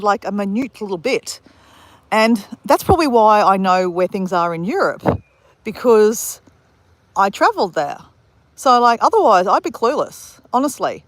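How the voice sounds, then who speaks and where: A woman's voice: mid-range voice, no echo. Chatty Australian woman on a beach walk. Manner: chatty, rambling, fast-talking with restarts. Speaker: vlogger. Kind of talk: live-stream chat on a beach walk. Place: outdoors at a beach at dawn.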